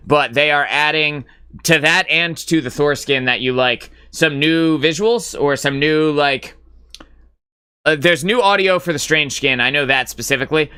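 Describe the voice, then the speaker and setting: Bright, smooth-voiced rambling streamer guy. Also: a little high. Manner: rambling and filler-heavy, with frequent "uh" and "like"; blunt and profane, reading and answering chat. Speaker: live-stream gaming host. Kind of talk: casual live-stream chat.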